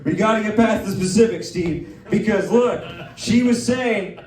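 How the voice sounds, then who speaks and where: A man hosting a live stand-up comedy show, talking in a manic, loud way and slipping into mocking voices. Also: high-pitched, a little slow. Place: live comedy venue with audience. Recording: roomy live venue, mic at a distance.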